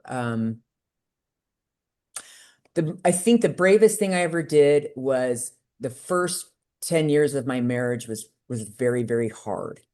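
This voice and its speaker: Animated woman telling a personal story. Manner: animated, acts out quoted voices with big pitch jumps. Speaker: podcast guest. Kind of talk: candid conversational storytelling.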